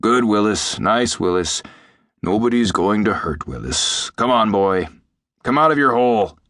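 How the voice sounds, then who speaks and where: A man's voice: on the low side, expressive, measured pace, a bit bright, no room sound, studio quality. A man voicing a blunt, teasing elderly male doctor in an audiobook. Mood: coaxing. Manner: brusque, dryly joking.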